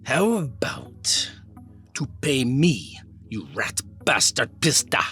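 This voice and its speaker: A man's voice: on the low side, wildly swooping pitch, slow, vocal fry, fairly bright tone, faint music behind, heavily acted. A man doing a nasty Ukrainian-accented thug. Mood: menacing. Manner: hissing, fierce, spitting threats. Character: big nasty older male Ukrainian thug.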